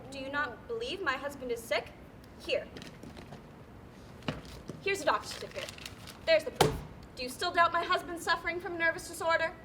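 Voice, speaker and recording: A woman's voice: extremely high pitch, normal speed, pauses often. A woman playing a whiny, melodramatic petitioner. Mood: insistent. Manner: whiny, pleading, theatrical. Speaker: stage actor. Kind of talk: live stage play. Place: school auditorium stage. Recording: noisy live stage recording.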